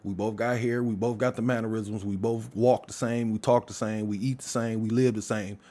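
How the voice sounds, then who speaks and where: A man giving a profane, heated casual rant, swinging from loud outbursts to low muttering. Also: little pitch movement, moderate pace. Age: adult father. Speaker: commentator.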